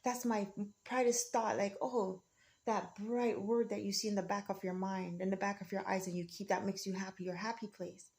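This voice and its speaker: A woman's voice: mid-range voice, little pitch movement, normal speed, vocal fry, a little mellow. A woman speaking in an emotional, rambling monologue, defiant and often repeating herself.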